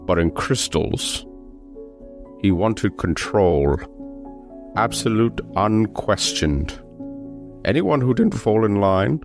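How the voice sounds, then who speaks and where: A man's voice: deep voice, heavily acted. A man voicing a bitter old exiled trainer of knights, speaking in a solemn, brooding way. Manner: gravely solemn, brooding storytelling.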